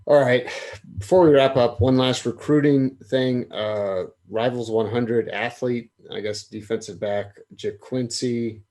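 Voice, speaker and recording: A man's voice: mid-range voice, steady tone, unhurried, darkish tone. A man hosting a casual sports podcast, easygoing and steering the talk with questions. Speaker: podcast host.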